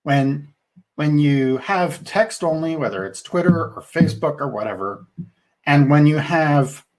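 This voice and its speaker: A man's voice: on the high side, lively intonation, unhurried. A middle-aged man co-hosting a podcast, talking things through in a thoughtful, rambling way with restarts. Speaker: podcast co-host. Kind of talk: casual podcast discussion.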